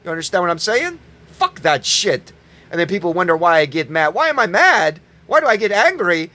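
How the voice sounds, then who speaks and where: Man, angry profane rant, yelling, high voice. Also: sing-song, moderate pace. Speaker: online preacher.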